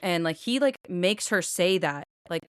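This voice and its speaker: A woman's voice: on the low side, animated, unhurried, smooth, no room sound, studio quality. A woman co-hosting a podcast, chatting casually about a book and retelling scenes with lots of filler words. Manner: chatty, retells scenes with many likes and restarts. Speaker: podcast co-host.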